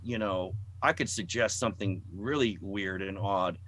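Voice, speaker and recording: Producer dude, fairly low voice, super laid back, swears casually. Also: male voice, fairly bright tone. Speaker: record producer. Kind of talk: casual interview talk.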